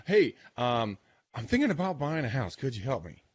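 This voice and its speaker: A man's voice: medium pitch, sing-song, normal speed, slightly rough, voice pushed up. A man putting on the voice of a chatty male former client calling out of the blue, in a casual, breezy way, on a dull lo-fi recording. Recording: dull lo-fi sound.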